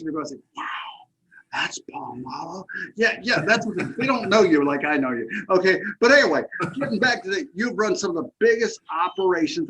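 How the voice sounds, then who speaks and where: Animated, high-voiced male interview host. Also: low-quality recording. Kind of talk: casual interview.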